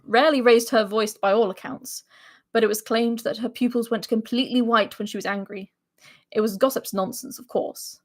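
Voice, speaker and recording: A woman's voice: mid-range voice, a bit bright. A woman co-hosting a casual stream, chatting loosely with lots of fillers and reading a story aloud. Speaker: co-host.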